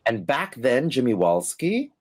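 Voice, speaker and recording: With a mid-range, slightly rough voice and a measured pace, a middle-aged former stage performer tells stories in an easygoing interview. He laughs, gets animated, and mimics the voices of those he quotes.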